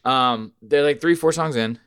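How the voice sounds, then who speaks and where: A man hosting a podcast, telling a rambling, profane story with sudden loud outbursts. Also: fairly high pitch, measured pace, clean tone, no room sound, clean studio sound. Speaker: podcast host. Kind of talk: casual storytelling chat.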